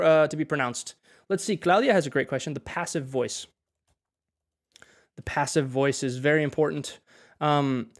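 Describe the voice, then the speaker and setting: A young man from Wisconsin runs a friendly livestream lesson. His voice sits a touch higher than most men's. He talks in a chatty way, greets viewers by name and switches easily between English and Spanish. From Wisconsin, USA. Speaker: English teacher.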